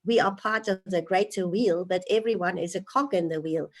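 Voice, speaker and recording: A woman's voice: on the low side, normal speed. A woman as a guest in a spiritual interview, speaking in an earnest, flowing and enthusiastic way.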